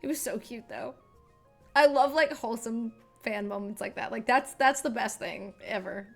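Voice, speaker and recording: A woman's voice: fairly high pitch, normal speed, vocal fry, faint music behind. A young woman, a singer, chatting casually on a live stream into a desk microphone, rambling with lots of filler words.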